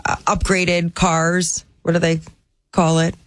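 A woman's voice: fairly low pitch, little pitch movement, takes it slowly, dry recording. A woman in casual chat, playful and laughing as she tells a story. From New Jersey area.

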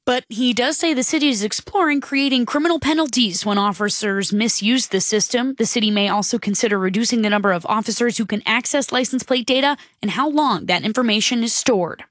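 A woman reading a radio newscast as the station's anchor, in a crisp, even newsreader delivery. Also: on the high side, a little fast, few pauses, no room sound, studio quality. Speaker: news anchor.

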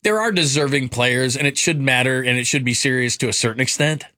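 A man co-hosting sports radio, wry and quick to laugh. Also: medium pitch, bright, forceful tone. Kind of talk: casual sports radio banter.

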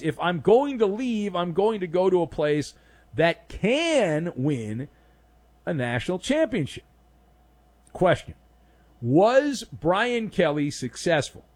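A man hosting a sports talk show, giving sarcastic, opinionated commentary and acting out little skits. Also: high-pitched.

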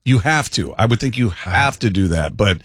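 A man's voice: lowish voice, moderate pace, breathy edge, no room sound, clean studio sound. Opinionated man on sports talk radio. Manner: opinionated, animated, talks through scenarios.

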